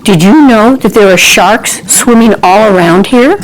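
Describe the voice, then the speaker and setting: A woman voicing kindly men on a boat rescuing a girl, giving calm, reassuring instructions. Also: mid-range voice, unhurried, low-quality recording.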